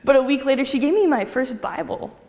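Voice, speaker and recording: A young woman giving a personal faith testimony to a group, telling her story with lively acted-out dialogue. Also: sits high, fairly quick, creaky. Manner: animated storytelling, acting out quoted dialogue. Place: hall with a group. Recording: long reverb of a hall.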